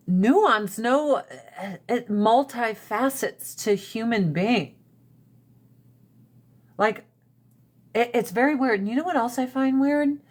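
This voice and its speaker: A blunt woman hosting a live stream from her phone, speaking at a middle pitch. She chats casually and swears freely. When a point grabs her, she climbs into an emphatic rant. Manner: blunt, profane and opinionated, rants with rising emphasis. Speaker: livestream host. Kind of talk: casual livestream chat.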